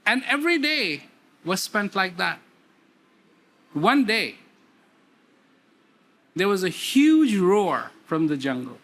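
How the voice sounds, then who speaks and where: A man giving a talk, telling a parable slowly with emphatic repetitions. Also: high voice, sing-song, fairly bright tone. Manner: slow, repetitive, emphatic storytelling. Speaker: speaker. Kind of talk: storytelling talk.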